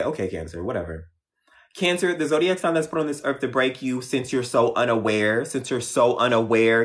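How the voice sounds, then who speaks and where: A man's voice: medium pitch, fairly bright tone. A man doing a casual live astrology reading, talking straight to his listeners in a sassy, teasing way. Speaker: astrology reader.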